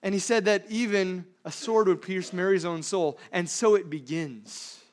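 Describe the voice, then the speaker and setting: Unhurried and high-voiced, a pastor delivers an emphatic sermon full of rhetorical questions. He alternates between loud emphasis and quiet asides.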